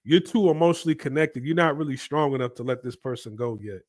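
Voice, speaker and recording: A man's voice: mid-range voice, quick pace, a little mellow, dry recording. A man hosting casual reaction commentary, lecturing with stammered restarts and rhetorical questions.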